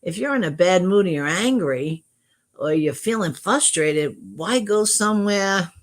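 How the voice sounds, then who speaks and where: A middle-aged woman hosts a livestream, greeting viewers from chat in casual conversation. Her lowish voice has lively intonation and a slightly slow pace, and she restarts her sentences often.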